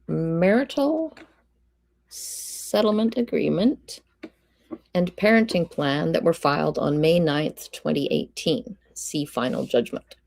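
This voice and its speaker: A woman with a low, creaky voice and a darkish tone is recorded with no room sound. On a live stream, she reads a court ruling aloud, pausing now and then to greet chat and drop dry quips.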